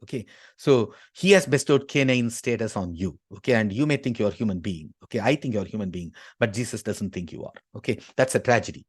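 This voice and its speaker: A man's voice: lowish voice, quick pace, husky, no room sound, clean studio sound. A man from Tamil Nadu, giving an argumentative lecture and dropping "okay" between his points. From Tamil Nadu, India. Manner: emphatic, constantly inserts "okay". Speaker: speaker at a talk.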